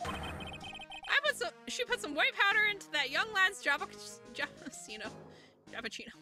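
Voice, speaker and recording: A woman voicing a cranky old man who rants and shouts. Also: very high voice, big pitch swings, moderate pace, soft background music, pitched above the performer's own voice, exaggerated voice. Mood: ranting. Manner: cranky, ranting, shouts insults. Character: grumpy old man, ranting craftsman. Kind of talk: reading game dialogue aloud.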